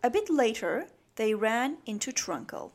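A woman reading a bedtime story aloud to children in a gentle, soothing manner. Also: fairly high pitch, sing-song, a little slow, slight background noise.

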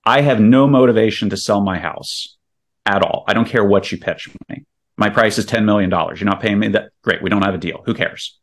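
Low-voiced man breaking down a sales pitch. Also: fairly quick. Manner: emphatic, walks through scenarios step by step. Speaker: real estate investor guest. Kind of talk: explaining sales tactics in a podcast chat.

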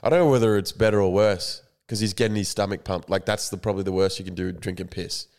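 A man's voice: low voice, steady tone, fast talker, a little mellow. A young man co-hosting a comedy podcast, chatting casually, swearing often and laughing a lot. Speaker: podcast co-host. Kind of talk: casual chat.

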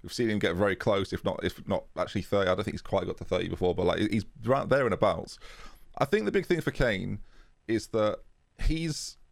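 A man's voice: on the low side, brisk, vocal fry, no room sound, clean studio sound. A British man co-hosting a podcast, chatting casually and jokily about football in a rambling way. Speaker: podcast co-host.

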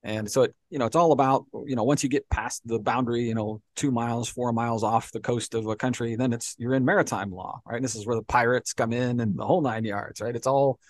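A man's voice: mid-range voice, fairly even intonation, fast talker, few pauses, dry recording. A man co-hosting a podcast, explaining history at length in casual talk, often dropping "you know" and "right?". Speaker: podcast co-host.

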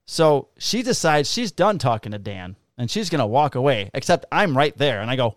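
A man who works as a police officer tells a rowdy story from the job in casual conversation. His voice is smooth and clear and sits at a middle pitch, recorded close and dry. He swears freely and slips into the voices of the people in the story. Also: normal speed, no echo. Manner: profane, animated, acts out voices in quotes.

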